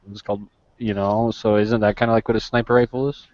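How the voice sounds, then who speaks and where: A man's voice: lowish voice, little pitch movement, fast, a little mellow, no echo, highs cut off. A man rambling through a casual explanation in voice chat, full of restarts and fillers. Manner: rambling with many likes and restarts.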